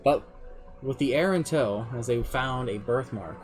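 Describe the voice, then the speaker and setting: A man streaming live as game master, telling the story of his campaign in a casual, animated way with some swearing. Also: mid-range voice, a little slow, faint music behind. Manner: animated, swearing, shifts pace often. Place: home streaming setup.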